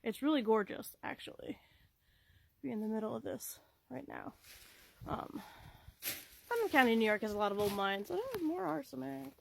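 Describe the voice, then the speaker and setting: A playful, chatty woman with a fairly high voice walks viewers around an old mine in the woods. She swears casually as she points things out. A faint outdoor ambience sits behind her. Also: lively intonation, moderate pace, gravelly, pauses often, a little hiss or hum, low-quality recording. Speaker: vlogger exploring old mines. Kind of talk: casual walking vlog.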